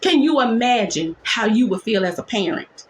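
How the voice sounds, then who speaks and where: Animated woman nurse telling a story. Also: fairly high pitch, reverberant, slight background noise. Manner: animated, dramatic storytelling with fast bursts. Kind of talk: storytime vlog.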